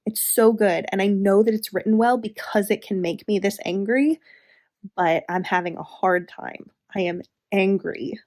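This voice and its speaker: A woman's voice: medium pitch, moderate pace, darkish tone. A woman in a casual book review vlog, talking in a heated, emphatic way with sighs. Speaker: book vlogger.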